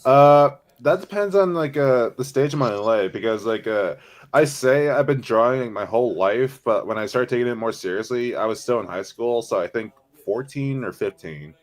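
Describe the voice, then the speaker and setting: A man's voice: medium pitch, lively intonation, moderate pace. A man in his twenties, a guest on a casual call, easygoing and full of uh and like. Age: 20s. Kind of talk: casual chat.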